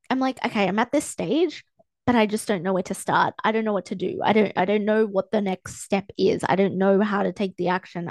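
A woman's voice: mid-range voice, no echo. A young woman hosting a solo podcast, talking casually and encouragingly as a personal-growth coach. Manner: chatty, encouraging, self-help coaching tone. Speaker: podcast host. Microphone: close podcast mic, filmed for video.

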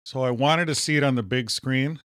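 A man's voice: medium pitch, fairly quick, fairly bright tone, no echo, clean studio sound. Man with a Minnesota accent. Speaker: podcast co-host. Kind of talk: casual chat.

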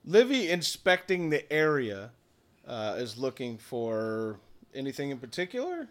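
A man running a tabletop game as game master, describing scenes with pauses and "uh"s. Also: medium pitch, wildly swooping pitch.

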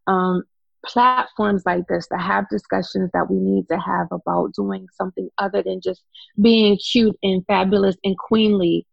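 A woman's voice: mid-range voice, fairly even intonation, moderate pace, gravelly, husky, no room sound, muffled recording. A woman, a life coach, talking frankly and laughing often as a guest in an interview. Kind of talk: casual interview conversation.

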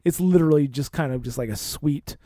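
A man's voice: on the high side, fairly quick, warm tone, no echo, studio quality. A man in his thirties telling a rambling, profane story in casual chat, often laughing as he talks. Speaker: podcast co-host.

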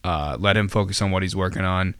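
A man's voice: sits low, quick pace, a bit bright, clear, resonant tone, no room sound. A man hosting a casual podcast, rambling with many fillers and restarts and tossing in jokey asides. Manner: jokey, self-deprecating asides. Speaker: podcast host.

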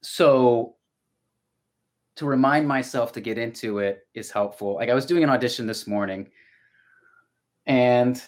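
A man's voice: mid-range voice, measured pace, pauses often. A middle-aged man and voice actor talking casually as a podcast guest, reflective and storytelling, often restarting his sentences. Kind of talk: casual conversation.

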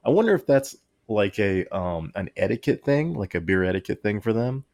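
A man's voice: lowish voice, very animated, moderate pace, creaky, a little mellow. A man co-hosting a podcast in casual chat, rambling and often breaking into laughter mid-sentence. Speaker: podcast co-host.

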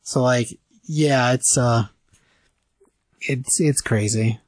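A man's voice: medium pitch, very slow, no room sound. A man in a casual chat, mostly agreeing briefly and adding short comments.

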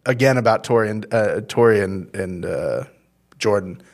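A man's voice: fairly low pitch, moderate pace, gravelly, a little mellow. A man co-hosting a casual podcast, talking animatedly and acting out quotes in put-on voices. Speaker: podcast co-host. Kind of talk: casual chat.

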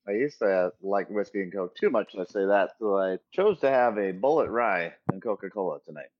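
A man joining a beer podcast as a guest over a remote call, relaxed and rambling. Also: on the low side, moderate pace, no room sound, lo-fi sound. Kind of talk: casual chat over drinks.

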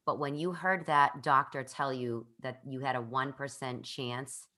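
A woman's voice: rumbling low, fairly even intonation, a little slow, sharp tone. A woman hosting an interview, talking earnestly and at length, often restarting her sentences. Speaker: podcast host. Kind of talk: conversational interview.

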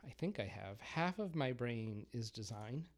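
Middle-aged male guest, Boston accent, lively and self-mocking. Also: mid-range voice, unhurried. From Massachusetts. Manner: animated, chatty, self-deprecating. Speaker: guest, floral designer. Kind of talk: casual podcast interview.

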